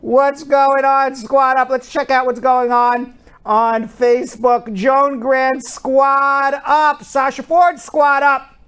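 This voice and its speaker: A man's voice: very high voice, level tone, slow pace, a bit bright, clean tone. A man in his fifties hosting a live studio stream, chatting and teasing his co-hosts in a playful way. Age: 50s. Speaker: host. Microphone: wired studio mic.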